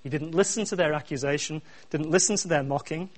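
A middle-aged man preaching a sermon, swinging from quiet asides to loud, repeated refrains. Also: on the high side, brisk. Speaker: pastor.

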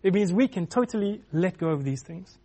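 A man's voice: high voice, animated, fairly quick, warm tone. A man preaching a sermon in a loose, conversational way, with many restarts and filler words.

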